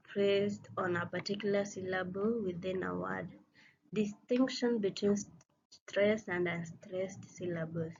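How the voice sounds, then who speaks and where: A woman teacher reading a phonetics course outline aloud, slowly and haltingly, often stopping to restart a word. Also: mid-range voice. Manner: slow, halting reading with frequent restarts on words. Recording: slightly dull, lo-fi recording with faint noise.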